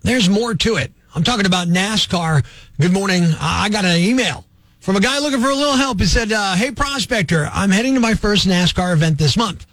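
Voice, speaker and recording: A man hosting a morning radio call-in show, talking quickly and joking, sometimes working himself up into a rant. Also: high-pitched, lively intonation, a bit bright, no room sound. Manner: quick, jokey, worked up. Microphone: studio microphone.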